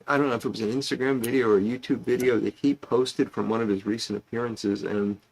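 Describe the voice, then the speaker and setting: A man's voice: medium pitch, steady tone, fast, gravelly. A man hosting a casual pipe-smoking livestream, rambling and chatty as he greets viewers by name.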